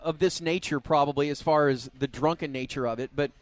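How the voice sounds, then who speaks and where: A man's voice: a little high, steady tone, a little fast, no room sound. A man hosting a radio talk show, chatting casually and laughing often as he tells a story. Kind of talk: casual chat.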